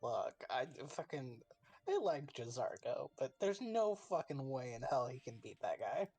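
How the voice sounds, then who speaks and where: A man's voice: mid-range voice, very animated, unhurried, darkish tone, breathy edge. A man playing a tabletop game, talking bluntly with lots of swearing and jokes. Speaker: player.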